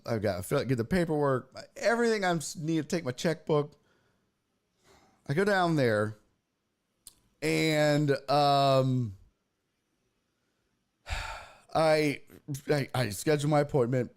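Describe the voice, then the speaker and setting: A man's voice: mid-range voice, animated, a little slow, pauses often, darkish tone. A man from Texas, hosting a podcast and telling a story in a casual, profane, ranting way. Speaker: host.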